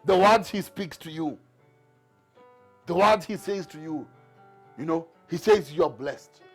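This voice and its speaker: Guy preaching, kinda husky, keeps hammering the same question over and over. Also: fairly high pitch, unhurried, faint music behind. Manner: emphatic, repetitive rhetorical questions. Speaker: Bible class teacher. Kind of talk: sermon.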